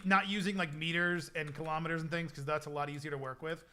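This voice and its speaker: A man's voice: a little high, fairly even intonation, quick pace, sharp tone. A young man chatting casually with his stream chat, rambling with lots of fillers. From United States.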